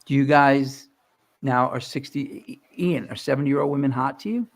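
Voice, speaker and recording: A man's voice: medium pitch, normal speed, creaky. A man hosting a casual talk show, asking teasing, joking questions. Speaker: host. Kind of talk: casual chat.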